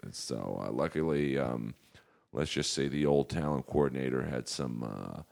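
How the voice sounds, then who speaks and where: A man's voice: very deep voice, animated, normal speed, creaky. A man, a comedian, telling stories in casual podcast chat and acting out quoted exchanges. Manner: storytelling, acting out quoted exchanges with shifts in loudness. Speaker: comedian guest.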